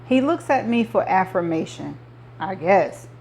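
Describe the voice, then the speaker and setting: A woman reading a novel aloud, narrating in the first person with measured delivery. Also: medium pitch, sing-song, vocal fry, a little mellow, slight background noise. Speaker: audiobook reader.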